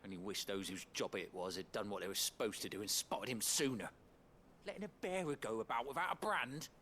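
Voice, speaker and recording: An actor playing a bitter, bigoted villager in a video game, grumbling resentfully. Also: male voice, lowish voice, brisk, pushed and bright, slight background noise.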